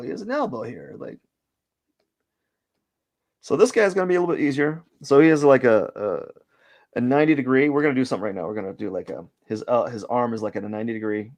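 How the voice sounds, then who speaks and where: A man's voice: mid-range voice, expressive, fast talker, a little mellow. Rambling man thinking aloud while drawing. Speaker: artist hosting a live drawing stream. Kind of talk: casual live-stream commentary while drawing.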